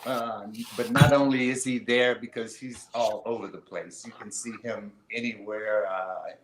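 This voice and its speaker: Deep-ish guy hosting a live show, laid back, lots of ums, roomy echo. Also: unhurried, a little hiss or hum. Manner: relaxed, rambling storyteller with many fillers. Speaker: show host. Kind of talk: casual livestream chat.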